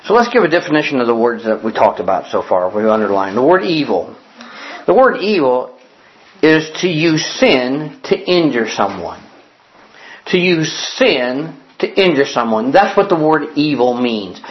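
A male pastor delivering a sermon after an opening prayer, reading scripture aloud and repeating key definitions slowly for emphasis. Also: mid-range voice, very animated, highs cut off. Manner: reads scripture aloud with pauses for note-taking.

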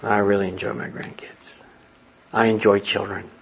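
Gravelly older man preaching a sermon. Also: lowish voice, normal speed, muffled recording. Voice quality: gravelly, husky. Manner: animated, swings from hushed to loud. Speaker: pastor.

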